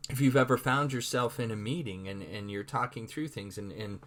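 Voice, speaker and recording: A man's voice: fairly low pitch, a little fast, a bit bright, slight background noise. A man giving a recorded online lecture, speaking conversationally with many repeated words and acting out his own thoughts.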